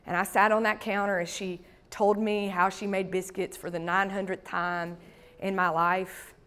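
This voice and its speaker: A woman's voice: medium pitch, level tone, moderate pace, fairly bright tone, clear, resonant tone. A woman pastor preaching a sermon, telling folksy stories in a chatty, conversational way with side remarks. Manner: conversational, folksy storytelling with asides. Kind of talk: storytelling sermon.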